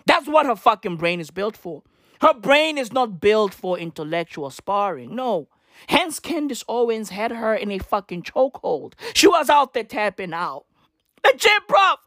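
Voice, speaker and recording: A woman's voice: mid-range voice, big pitch swings, moderate pace, fairly bright tone, no room sound, studio quality. A woman delivering a rambling, profane comic rant full of slang, breaking into mocking voices and laughter.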